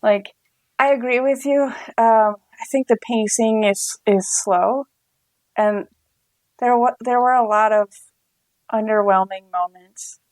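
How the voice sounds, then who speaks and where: A woman's voice: on the high side, fairly even intonation, a little slow, darkish tone, dry recording. A woman co-hosting a podcast in casual chat, talking frankly and filling her sentences with "like". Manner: chatty, frank, many filler likes. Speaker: podcast co-host.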